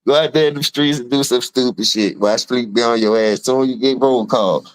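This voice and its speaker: A streamer with a New Orleans accent delivers a spoken open letter as an unscripted, profane rant at normal speed, calling his listeners dog and bro. He repeats words and lurches between low mutters and sudden high outbursts.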